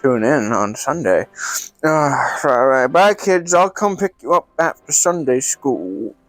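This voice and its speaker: A man's voice: medium pitch, expressive, slow pace, no echo, soft background music. A man hosting a comedic cooking vlog, narrating in a playful, mock-grand showman way. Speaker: cooking show host.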